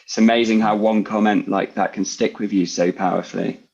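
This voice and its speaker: A man's voice: on the low side, steady tone, brisk, vocal fry, a little mellow, lo-fi sound. A man on a webinar panel, speaking thoughtfully and hesitantly over a video call. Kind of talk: conversational panel discussion.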